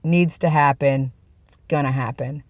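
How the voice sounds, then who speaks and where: A man's voice: medium pitch, fairly even intonation, normal speed, dry recording, clean studio sound. A young man vlogging in a casual, rambling way, with self-deprecating asides, talking from his workplace. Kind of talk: casual chat.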